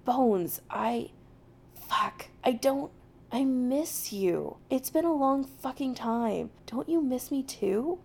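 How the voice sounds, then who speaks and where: An eager young male captain pleads and pushes in a bright, raised voice, as a woman reads him, with a gravelly rasp at the bottom of it. It is a storybook reading. His lines rise high when he presses. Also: expressive, moderate pace, few pauses. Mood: insistent.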